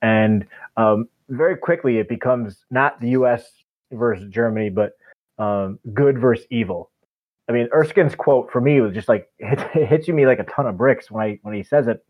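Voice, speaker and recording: A man's voice: medium pitch, moderate pace, phone-quality sound. Male podcast co-host, eager and rambling, heard through a thin phone-style line. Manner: enthusiastic, rambling with restarts. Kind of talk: casual movie discussion.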